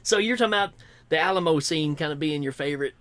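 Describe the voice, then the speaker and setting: A man's voice: fairly high pitch, fast talker, a bit bright. A man co-hosting a podcast in casual chat, laughing a lot and acting out movie lines. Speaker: podcast co-host.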